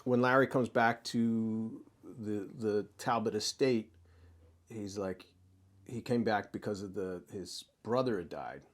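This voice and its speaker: A man's voice: on the low side, a little slow. A man co-hosting a casual film review chat, enthusiastic and acting out scenes in quoted voices. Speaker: co-host.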